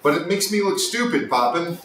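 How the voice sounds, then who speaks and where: A man hosting a casual woodworking livestream, chatting and joking with his viewers, sometimes yelling, recorded in a workshop. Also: big pitch swings, brisk. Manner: joking, teasing, with sudden yells. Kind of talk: casual live-stream chat with viewers. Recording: echoey room, distant mic, faint rumble.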